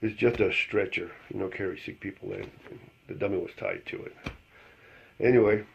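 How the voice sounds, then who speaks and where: A man's voice: fairly low pitch, fairly even intonation, normal speed, gravelly, slight background noise. A man telling a joke in a casual, rambling monologue, leaning on fillers and chuckling at his own story. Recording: dull lo-fi recording.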